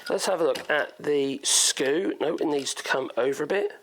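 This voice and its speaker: A Norfolk-accented man, somewhat high-pitched and a bit bright, talks at a moderate pace. He wanders chattily through a woodworking demonstration in his workshop, voicing his thoughts as he goes.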